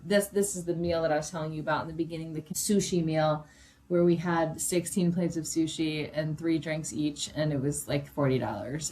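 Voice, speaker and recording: A woman in her forties hosting her own podcast, chatty and emotional, a little jet-lagged, swearing casually as she talks. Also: deep voice. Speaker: podcast host and life coach. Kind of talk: casual solo podcast monologue.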